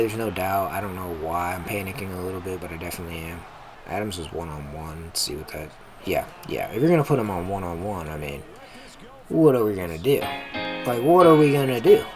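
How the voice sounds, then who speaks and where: A lower-voiced man calls his football video game as he plays, his pitch jumping up when a play goes wrong and dropping to a mutter when he plans the next one. He swears at the players on screen. Clear music runs behind him. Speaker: gaming commentator. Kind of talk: casual gameplay commentary.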